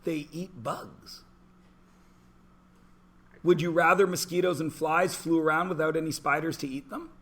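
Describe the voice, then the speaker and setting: A man's voice: on the high side, steady tone, a little slow, long pauses, fairly bright tone, slightly rough. A man in his forties teaching a math class, chatty and joking, asking the class questions in between. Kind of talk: classroom lecture with anecdotes.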